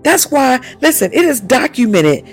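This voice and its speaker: Fervent woman preaching over soft music. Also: sits high, sing-song, normal speed, slightly rough. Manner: fervent, repeats "listen" and "my God", speaks in tongues. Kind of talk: charismatic sermon. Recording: faint music behind.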